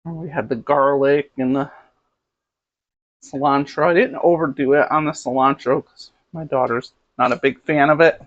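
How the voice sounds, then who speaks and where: In her home kitchen, a middle-aged woman hosts a cooking video, rambling chattily to camera as she works. Her deep voice is steady and moderately paced, and the lo-fi audio is full of clattering pots, pans and dishes.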